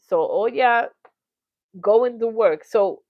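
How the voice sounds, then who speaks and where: Woman reaction streamer, chatty and animated, laughs a lot, dull lo-fi sound with a dry room. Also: a little high, slow pace, no room sound. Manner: chatty and animated, laughs often, acts out quotes. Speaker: livestream reaction host. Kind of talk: casual livestream chat, reading viewer comments.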